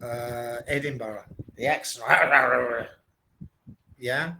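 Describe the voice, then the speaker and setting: A man from southeast England with a southern English accent, tutoring English in an online lesson and speaking slowly and plainly. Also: medium pitch, fairly even intonation, creaky, pushed and bright, a little hiss or hum, low-quality recording. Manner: slow, plain, deliberate speech. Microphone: video call.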